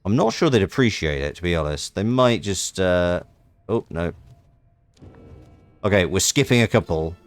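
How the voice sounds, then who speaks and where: A man's voice: sits low, lively intonation, moderate pace, long pauses, no echo, soft background music. A man streaming a game live, chatting casually and thanking viewers. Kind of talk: live-streamed game playthrough with reading aloud.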